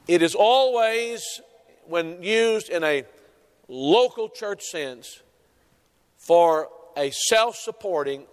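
A man's voice: high-pitched, lively intonation, clear, resonant tone. Man preaching in an echoing hall. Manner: deliberate preaching cadence, quotes scripture. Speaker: pastor. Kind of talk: sermon.

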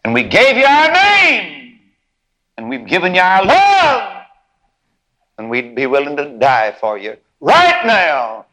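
A man preaching a sermon, voicing a loving adoptive father who gently reassures his son. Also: on the high side, huge pitch swings, slow, pitched above the performer's own voice, full character voice, low-quality recording. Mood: tender. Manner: tender, comforting.

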